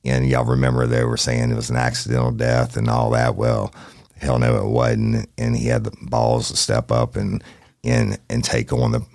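A man hosting a true-crime podcast from a studio, talking in a folksy, plain-spoken way with drawn-out phrasing. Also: a bass voice, completely flat delivery, vocal fry, a little mellow, dry recording. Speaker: podcast host.

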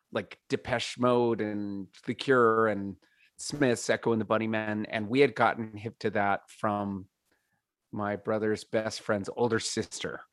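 A man's voice: lowish voice, no room sound, studio quality. A man telling stories in a casual interview, rambling with lots of fillers, laughing and swearing. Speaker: podcast guest, singer.

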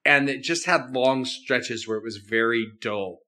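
A man's voice: mid-range voice, unhurried, pushed and bright. A man co-hosting a podcast, chatting casually about a movie, laughing easily and acting out scenes as he retells them. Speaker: podcast co-host. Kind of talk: casual movie-review chat.

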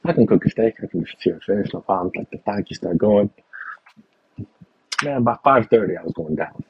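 A young man from Texas, a chef, telling a lively kitchen story in casual chat with many fillers and acted-out quotes. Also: on the low side, moderate pace, muffled recording, a little hiss or hum. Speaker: chef guest.

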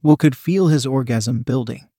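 Man, audiobook narrator, mid pitch, dead dry recording. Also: moderate pace, warm tone, slightly rough, no room sound.

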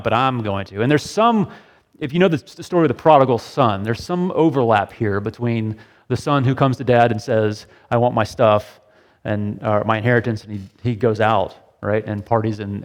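Man preaching conversationally in a hall. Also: medium pitch. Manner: conversational, asks the group questions, keeps adding "right?". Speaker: pastor. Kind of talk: interactive sermon discussion. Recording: long hall reverb.

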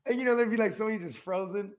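A man's voice: high-pitched, racing, a little hiss or hum. Rambling, slangy male co-host. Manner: slangy and rambling, keeps saying "you know what I mean". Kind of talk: casual chat.

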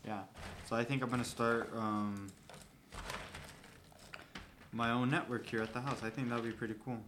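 A Californian man chatting at home in a loose, joking way, dropping swear words and playfully repeating words. His pitch sits in the middle of the usual range. The recording carries clear background noise and clicks. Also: little pitch movement, moderate pace. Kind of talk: casual chat.

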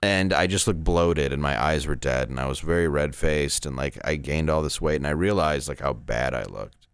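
A man's voice: rumbling low, moderate pace, clear, resonant tone, dry recording, studio quality. A man in his thirties, a stand-up comedian, telling candid, rambling stories in a casual interview.

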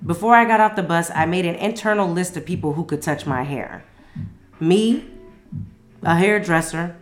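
A woman's voice: lowish voice, normal speed, soft background music. A woman casually reviewing a book and reading from it aloud, enthusiastic and full of slang and swearing.

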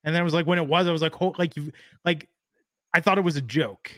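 A man with a fairly high voice chats through a wrestling recap, opinionated and rambling, full of filler words. The sound is close and dry, with no room echo. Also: fairly even intonation, fast talker, bright, forceful tone. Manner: chatty, opinionated, rambling with many "like"s. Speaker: wrestling show co-host. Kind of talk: casual podcast chat.

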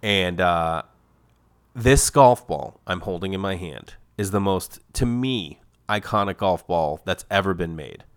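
A man's voice: low voice, unhurried, smooth. A middle-aged man, hosting a podcast in a comedic, casual monologue that jumps into exaggerated voices. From Massachusetts. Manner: animated storytelling with exaggerated quoted voices. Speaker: podcast host.

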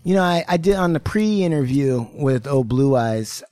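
A man's voice: mid-range voice, lively intonation, normal speed, mellow, no room sound. A man hosting a casual podcast chat, rambling and laughing as he talks. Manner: rambling, laughing, hums song bits. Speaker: podcast host.

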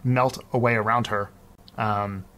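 A man's voice: on the low side, steady tone, unhurried, fairly bright tone, a little hiss or hum. Rambling man recapping a film. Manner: rambling, lots of ums and restarts. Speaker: podcast co-host. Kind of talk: casual film recap chat.

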